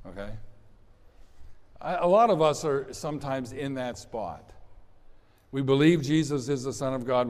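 A man's voice: mid-range voice, a little mellow. A man preaching an Easter sermon as pastor, conversational and rambling, with restarts and asides to the congregation. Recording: long hall reverb.

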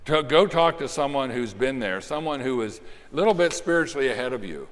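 A man's voice: medium pitch, expressive, brisk. A man preaching a sermon in a conversational way, often restarting his phrases. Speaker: pastor. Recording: long hall reverb.

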